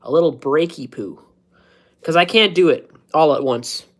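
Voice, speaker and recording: A man's voice: on the high side, moderate pace. Man, 30s, casual home streamer; goofy, rambling, self-deprecating humor. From United States. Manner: joking, self-mocking, laughs at his own jokes. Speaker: streamer hosting a live stream. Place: at home, indoors.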